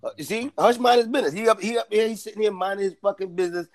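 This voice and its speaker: A man's voice: sits high, rapid-fire, crowd noise. A man co-hosting a live roast stream, talking in brash, crude, teasing hype banter.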